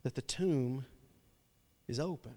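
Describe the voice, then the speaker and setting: A man's voice: mid-range voice, slow pace, warm tone. A man preaching a sermon, retelling a story dramatically and often repeating his words. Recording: long reverb from a large hall.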